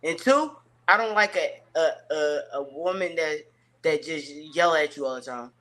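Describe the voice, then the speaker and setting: A man's voice: fairly high pitch, expressive, normal speed, pushed and bright. A man in his thirties talking casually and emphatically on a podcast, with slangy phrasing. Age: 30s. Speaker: podcast guest.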